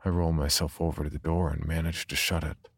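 A man narrating a first-person horror story in a subdued, brooding way, with a husky, gravelly voice. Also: extremely low pitch, little pitch movement, brisk, no room sound.

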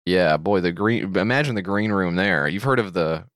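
A man's voice: sits low, normal speed, a bit bright, dry recording. A man co-hosting a podcast, riffing sarcastically and reading items aloud in casual chat. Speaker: podcast co-host.

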